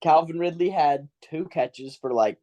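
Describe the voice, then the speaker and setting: A man's voice: a little high, unhurried, warm tone, dull audio. A man co-hosting a podcast in casual chat, chatty and teasing. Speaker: podcast co-host.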